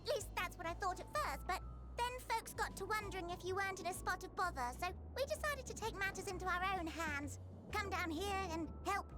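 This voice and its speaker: A woman voicing a chatty, prim little rabbit-like creature in a video game. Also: extremely high pitch. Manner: chatty, quick, scolding. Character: tiny talkative rabbit-like creature, brisk and prim. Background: game music.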